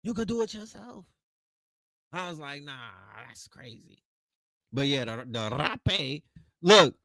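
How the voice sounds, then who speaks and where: A man hosting an online lecture, telling stories in an animated, slangy, profane way, acting out quotes and restarting his sentences. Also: medium pitch, no room sound, poor audio. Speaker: lecture host. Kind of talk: casual storytelling lecture.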